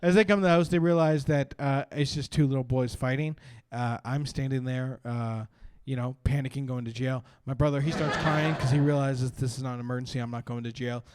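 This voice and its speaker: A man, doing an animated stand-up set and laughing through his stories at a brewery. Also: mid-range voice, brisk, smooth, dry recording. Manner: animated storytelling with bursts of laughter. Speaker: stand-up comedian. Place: brewery stage.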